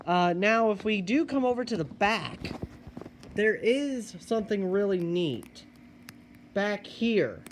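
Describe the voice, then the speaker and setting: A man giving a casual product review of a collectible animatronic, unhurried and hesitant, with many filler words. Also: sits high, animated, slight background noise.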